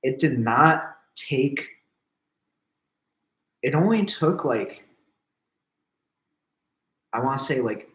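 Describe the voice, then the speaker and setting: A man's voice: medium pitch, animated, extremely slow, long pauses, a bit bright. A young man, a musician guest, talking casually and hesitantly as he searches for words. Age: young adult. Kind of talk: casual conversation. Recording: roomy echo.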